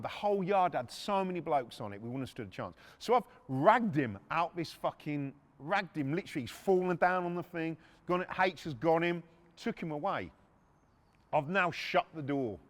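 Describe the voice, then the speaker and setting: A middle-aged man, hosting a podcast and telling a story in a casual, profane, animated way, acting out shouting people and machine noises. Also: fairly high pitch, normal speed. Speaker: podcast host.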